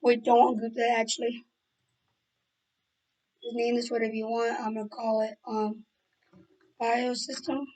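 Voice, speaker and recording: A young woman with a hoarse voice she is losing, talking through a screen-recorded tutorial and rambling with fillers and self-corrections. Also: on the high side, flat delivery, a little slow, long pauses, darkish tone, low-quality recording. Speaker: game development tutorial maker.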